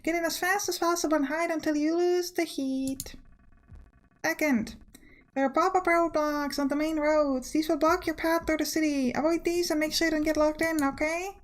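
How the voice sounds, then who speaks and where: A woman's voice: high-pitched, fairly even intonation, normal speed, voice pushed up, lightly acted. A woman putting on a sly female gardener. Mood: teasing. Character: Spanish-speaking female gardener, brisk and sly.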